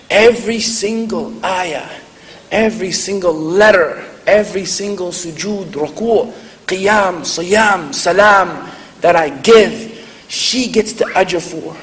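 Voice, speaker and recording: Guy preaching to a crowd, earnest storyteller, a bit high voice, long echo in the hall. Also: a bit bright. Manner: earnest, storytelling, laughs at himself. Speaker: convert speaker. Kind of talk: sermon-style talk to a live audience. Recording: echoey hall, faint noise.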